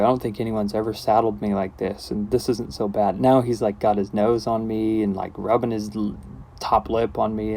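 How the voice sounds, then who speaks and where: A man working as a horse trainer, giving calm, relaxed instructional commentary with casual asides as he works. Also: medium pitch, vocal fry.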